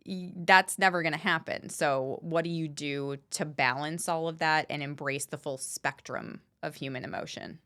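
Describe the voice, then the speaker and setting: Low-voiced woman, frank and blunt. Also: steady tone, moderate pace, hardly any pauses, fairly bright tone. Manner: frank, swears freely, emphatic. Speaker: podcast guest. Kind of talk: candid conversational talk.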